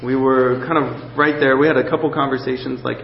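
A man preaching a sermon, telling a personal story in a halting, emotional way with many restarts, close to tears. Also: medium pitch, flat delivery, gravelly. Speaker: pastor. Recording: echoey hall, dull lo-fi sound, faint noise.

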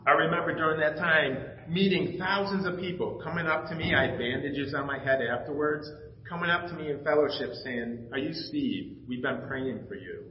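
A middle-aged pastor giving a personal testimony in a sermon, telling stories and acting out the dialogue with emotion. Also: male voice, fairly high pitch, moderate pace. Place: church sanctuary. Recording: echoey, slightly dull church recording.

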